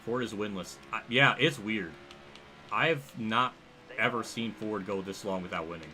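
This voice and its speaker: A young man livestreaming a racing game, rambling and thinking aloud as he reacts loudly to the action on track. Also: on the low side, moderate pace, slight background noise. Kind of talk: live gameplay commentary.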